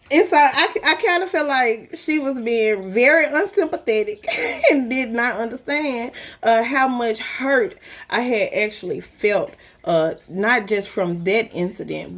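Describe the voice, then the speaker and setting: Woman telling her story with frequent laughs. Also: a little high. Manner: emotional, laughs often, addresses listeners as y'all. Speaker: spiritual reader sharing her story. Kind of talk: casual personal storytelling.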